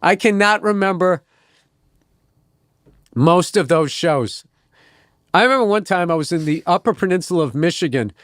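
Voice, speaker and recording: A man's voice: high-pitched, moderate pace, pauses often, no room sound, clean studio sound. Rambling, profane male comedian telling stories. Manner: rambling, profane, animated anecdotes. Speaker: comedian guest. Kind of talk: casual storytelling.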